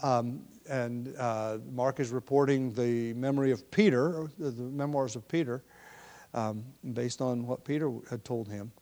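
This preacher teaches a Bible passage in a relaxed, conversational sermon, working through ideas with ums, restarts and occasional throat clearing. His voice is middling in pitch, dark in tone and unhurried.

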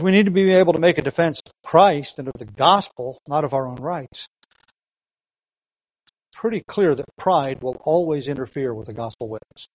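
A man's voice: medium pitch, darkish tone, no echo, low-quality recording. A man preaching a sermon, teaching earnestly with rhetorical questions and emphatic repetition, reading scripture aloud. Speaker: pastor.

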